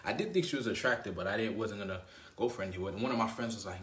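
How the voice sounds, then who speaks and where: A man's voice: on the low side, rapid-fire, fairly bright tone, far from the mic. A man telling a personal story in a casual, rambling way, often checking in with "right?" and "you know what I mean". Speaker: dating advice host. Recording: roomy echo.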